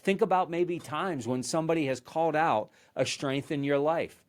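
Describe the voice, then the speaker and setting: A man's voice: fairly high pitch, normal speed. A man hosting a podcast, giving a motivational leadership talk in an earnest storytelling manner, often restarting and repeating words. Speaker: podcast host.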